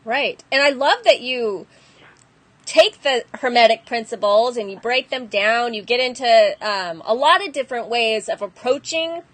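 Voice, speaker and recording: A woman interview host affirms her guest and sums up what she has said, in a slightly high voice. The sound is dry and close. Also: lively intonation, measured pace, no room sound. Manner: warmly affirming, summarizes the guest's points. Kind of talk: casual interview.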